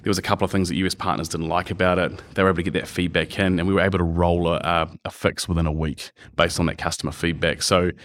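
A middle-aged man with a New Zealand accent, a podcast guest talking quickly and energetically, restarting his sentences often. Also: deep voice, no room sound. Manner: rapid, energetic, lots of restarts. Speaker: podcast guest, software executive. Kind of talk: conversational interview.

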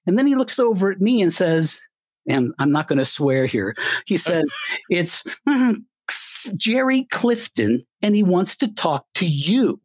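A man's voice: sits high, a little slow, no room sound, studio quality. An older man from Colorado, a retired radio DJ, telling stories as an interview guest and acting out the voices in them. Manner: animated, acts out voices in his anecdotes. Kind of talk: storytelling interview.

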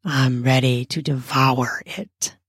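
A woman voicing an eager adult man, speaking low, slow and half-whispered. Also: steady tone, a bit bright, husky, no echo, clean studio sound, heavily acted. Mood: longing. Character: hungry, eager adult man flirting over pie.

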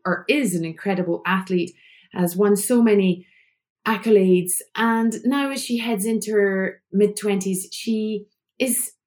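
A woman's voice: mid-range voice, darkish tone. Gushing podcast host, a woman. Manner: gushing, enthusiastic, chatty. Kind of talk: casual podcast interview.

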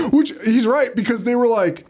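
A male podcast co-host recapping a film in casual chat, laughing often, swearing and acting out characters in quick voices. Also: very high voice, lively intonation, a little mellow, slightly rough.

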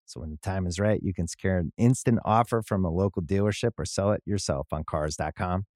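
A man reading an advertisement in a smooth, steady announcer delivery. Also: sits low, a little fast, no room sound, clean studio sound. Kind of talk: read advertisement.

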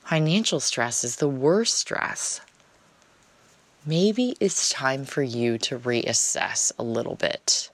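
A woman's voice: very deep voice, slow. A woman telling a personal story in a casual, chatty monologue, often dropping "like" as filler.

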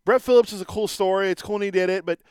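Man, sports co-host, quick chatty talk, dry close sound. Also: high-pitched, fairly even intonation, clear, resonant tone, no echo.

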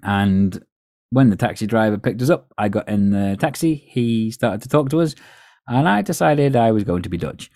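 Deep-voiced man chatting on a podcast. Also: animated, moderate pace, a little mellow, no room sound, clean studio sound. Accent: North West English. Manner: storytelling, chatty with laughs. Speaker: podcast host. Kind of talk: casual chat.

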